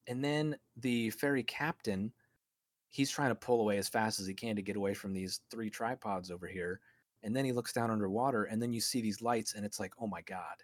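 A man with a fairly low voice talks through a film on a podcast, enthusiastic and rambling, often restarting his sentences. The recording is dry and close, with no room sound. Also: fairly even intonation, a little fast, no room sound. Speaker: podcast co-host. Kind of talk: casual film podcast monologue.

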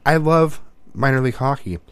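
A man's voice: medium pitch, animated, fairly quick, a bit bright, clear, resonant tone, no room sound. A father chatting casually, rambling, cursing and restarting his sentences often. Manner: rambling, profane, with many restarts. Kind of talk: casual chat.

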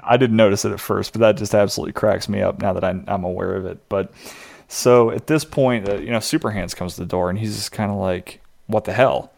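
A man's voice: lowish voice, fast, gravelly, a little mellow. A man co-hosting a podcast, recapping a TV episode in a rambling way, full of fillers, acting out quotes. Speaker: podcast co-host. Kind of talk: casual chat recapping a TV episode.

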